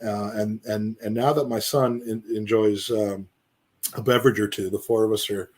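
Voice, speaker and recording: A man's voice: fairly low pitch, fairly even intonation, moderate pace. A middle-aged man co-hosting a podcast, chatting in a rambling, earnest way and restarting his sentences often. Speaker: podcast co-host. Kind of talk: casual chat.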